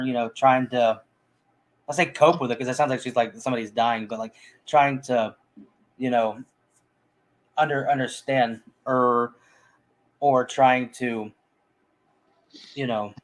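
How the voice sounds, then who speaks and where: A man's voice: medium pitch, steady tone, takes it slowly, pauses often. A man in casual conversation about a film, talking in a rambling way with frequent restarts and fillers. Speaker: movie podcast co-host.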